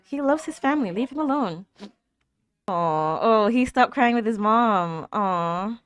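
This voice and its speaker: A woman's voice: a little high, animated, measured pace, no echo. A woman hosting an anime reaction video, chatting casually and talking back at the screen, with frequent laughs and fillers. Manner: laughs often and coos at cute moments.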